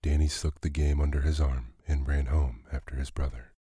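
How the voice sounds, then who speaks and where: Deep husky guy reading a bedtime story, calm and unhurried, dark dry sound. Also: no echo. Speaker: narrator.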